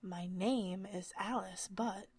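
A woman voicing a polite, gentle young girl in a storybook reading, soft and partly whispered. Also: mid-range voice, steady tone, slow, husky, dry recording.

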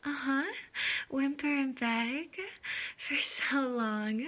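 A woman's voice: high voice, fairly even intonation, takes it slowly, a bit bright, husky. A young woman in a whispered role-play, speaking in a teasing, dominant way with murmured uh-huhs and giggles. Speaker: audio role-play performer.

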